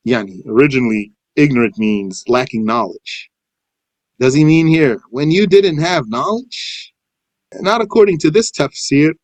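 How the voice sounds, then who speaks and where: A man giving a tafsir lesson, reciting verses and explaining them in English, with animated pitch leaps on points of emphasis. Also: no room sound. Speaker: Quran teacher.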